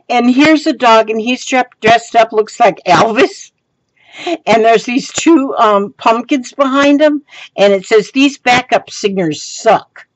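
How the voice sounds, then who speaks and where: In this casual show-and-tell, a woman who makes craft videos talks slowly in a slightly high voice, rambling through ums and restarts and dissolving into giggles. The recording is dry and the audio quality is poor.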